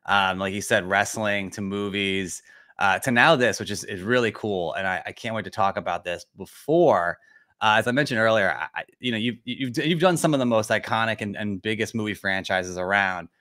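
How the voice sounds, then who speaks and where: A man's voice: lowish voice, brisk, sharp tone. A man hosting a casual interview, enthusiastic and often stumbling over his words as he asks questions. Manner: enthusiastic, stammering restarts. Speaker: podcast host.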